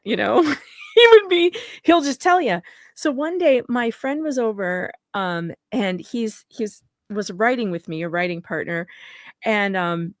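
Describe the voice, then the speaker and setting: A woman's voice: a little high, no room sound. A woman co-hosting a casual livestream, telling stories and teasing her co-host. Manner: animated storyteller, teasing.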